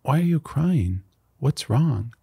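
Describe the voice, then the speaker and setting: A man doing an eerily gentle little man. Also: mid-range voice, animated, normal speed, breathy edge, no room sound, clean studio sound. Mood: concerned. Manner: soft, sincerely concerned. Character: small shaggy-haired man on a tricycle, eerily gentle.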